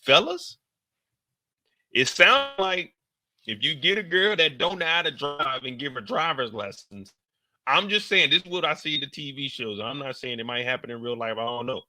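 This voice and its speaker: At a normal speed, a man riffs casually on a TV show, profane and animated, acting out scenes with high squeals and shouts.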